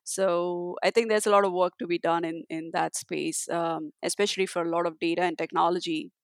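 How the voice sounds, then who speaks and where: Woman guest chatting, clean smooth voice, dry close mic, lots of ums and restarts. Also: on the low side, steady tone, no room sound. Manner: halting, many restarts and fillers. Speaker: guest, tech leader. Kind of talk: conversational interview answer.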